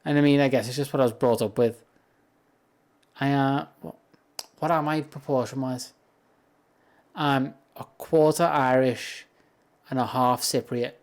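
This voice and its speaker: A British streamer games from his home setup, chatting casually on a livestream in a mid-range, darkish voice. He rambles and often laughs at himself.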